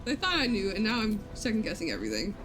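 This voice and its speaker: A woman's voice: mid-range voice, wildly swooping pitch, quick pace, a bit bright, soft background music. A woman live-streaming a video game, chatting casually, thinking aloud and laughing easily as she plays.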